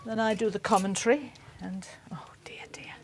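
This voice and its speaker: A woman's voice: mid-range voice, steady tone, moderate pace. A middle-aged woman, chatting casually in a teasing way. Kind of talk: casual chat. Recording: noticeable background noise.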